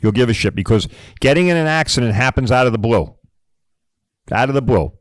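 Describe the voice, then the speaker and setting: A man's voice: medium pitch, expressive, fairly quick, dry recording, low-quality recording. A middle-aged man hosting a podcast, ranting bluntly and profanely and hammering his points home with repeated "all right?"s. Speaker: podcast host.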